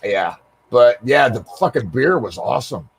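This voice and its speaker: A man who served in the army, co-hosting a casual live stream and telling relaxed stories with casual swearing. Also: mid-range voice, moderate pace, vocal fry, slightly rough. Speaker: podcast co-host, army veteran.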